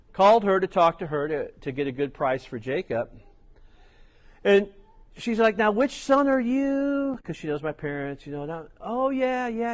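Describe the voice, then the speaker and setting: A middle-aged man preaching a sermon as pastor, telling stories with chatty asides. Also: a little high. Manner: storytelling, conversational asides.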